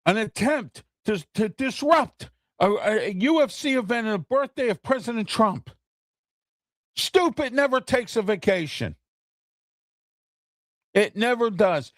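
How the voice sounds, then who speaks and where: A man's voice: high-pitched, lively intonation, measured pace, long pauses, a bit bright, no room sound, studio quality. A man hosting his own opinion talk show, speaking heatedly and repeating himself, often checking in with "okay?". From United States. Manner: heated, repetitive, keeps asking "okay?".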